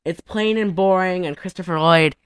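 A woman's voice: normal speed, clear, resonant tone, no echo, studio quality. A young woman co-hosting a podcast, recapping a movie in a rambling, giggly chat. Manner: rambling, giggly, sings snatches in falsetto. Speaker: podcast co-host.

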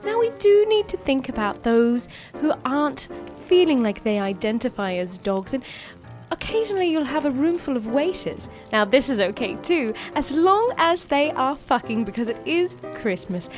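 A high-voiced woman tells a mock-solemn bedtime-style story. Her pitch leaps and swoops all over the place. Faint music plays behind her. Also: big pitch swings, normal speed. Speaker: storyteller mother. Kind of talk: improvised comic storytelling.

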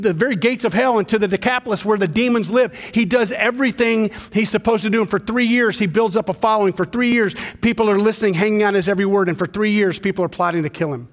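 A male pastor preaching a sermon, swinging from hushed, slow storytelling to loud, intense emphasis. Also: high-pitched. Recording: long hall reverb.

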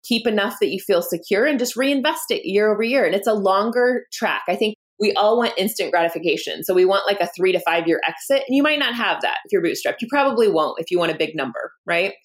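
A company founder in her thirties, appearing as a guest, candidly tells her story in an interview, acting out quoted dialogue and laughing often. Her mid-range voice is expressive and quick, with few pauses.

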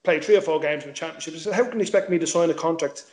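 A former footballer, appearing as a guest, casually tells a football story at a very fast clip, swearing freely and acting out the dialogue. His voice is on the high side and a little mellow, and the recording is reverberant.

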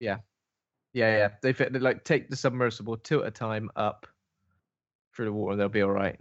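A man in a casual film commentary chat, joking with quick asides. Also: fairly low pitch, little pitch movement. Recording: dull lo-fi sound.

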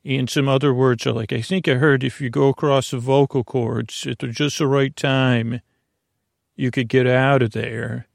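A middle-aged man hosting a sleep podcast, talking in a meandering, self-interrupting, soft and lulling way with a creaky voice. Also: medium pitch, flat delivery, normal speed, dry recording, clean studio sound. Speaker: podcast host. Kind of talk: rambling sleep podcast monologue.

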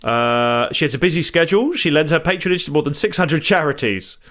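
A man co-hosts a comedy podcast in casual banter. His voice sits a little high and swings widely in pitch. He keeps a dry, mock-serious tone, reading out facts and then riffing on them. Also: lively intonation, a little fast, fairly bright tone.

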